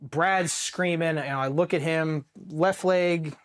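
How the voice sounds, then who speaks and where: A man's voice: a little high, fairly even intonation. Man from Ohio telling a raw war story. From Ohio, USA. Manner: raw, profane, halting with many restarts; emotionally charged, dropping quiet at painful moments. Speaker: Marine veteran telling his war story. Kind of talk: personal interview storytelling.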